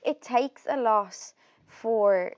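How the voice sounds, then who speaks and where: A woman's voice: a little high, extremely slow, clear, resonant tone. A woman in her twenties with an Irish accent, a business founder speaking practically and matter-of-factly as a guest in a casual interview.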